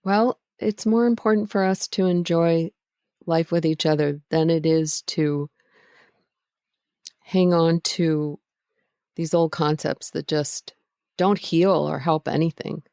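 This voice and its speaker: A woman hosting a podcast, her voice notably low. She speaks in a measured, encouraging way. The sound is dry and close, with no room at all. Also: fairly even intonation, a little mellow, dry recording. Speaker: podcast host. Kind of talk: conversation and scripted outro.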